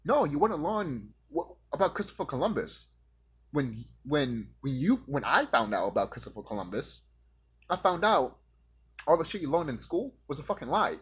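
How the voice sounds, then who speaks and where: A man delivering a profane, confrontational rant straight at his audience, now and then mocking his critics in a higher voice. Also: very animated, normal speed, breathy edge. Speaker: vlogger ranting to camera.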